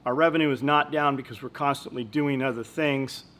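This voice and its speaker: Steady in tone, mid-range and a bit bright, this company owner talks a little fast while hosting a podcast. His casual storytelling drifts through business anecdotes, blunt and thick with swearing.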